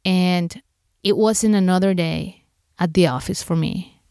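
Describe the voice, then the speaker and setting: A woman's voice: on the low side, steady tone, a little slow, warm tone, clean tone, no echo, clean studio sound. A woman podcast host candidly retelling an emotional personal story, acting out her own inner thoughts as she goes.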